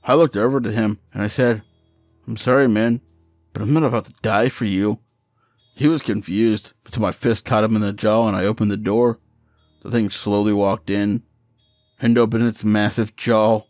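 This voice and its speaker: A man's voice: lowish voice, a little mellow, dry recording, studio quality. A man reading a first-person horror story in a matter-of-fact, profane storytelling manner.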